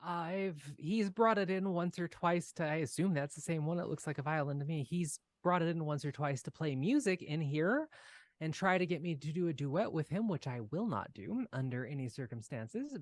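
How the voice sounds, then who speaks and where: Man playing a winged bard woman, captive, weary, hesitant, slightly high voice. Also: expressive, no room sound, lightly acted. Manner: hesitant, halting speech.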